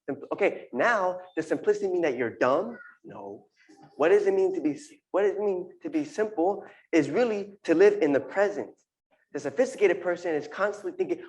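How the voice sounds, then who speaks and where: Brief: earnest congregant delivering a short drash, mid pitch, repeats key phrases. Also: normal speed, a little mellow, rough recording. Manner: earnest, repeats phrases, uses Hebrew terms. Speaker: congregation member giving a drash. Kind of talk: informal sermon talk.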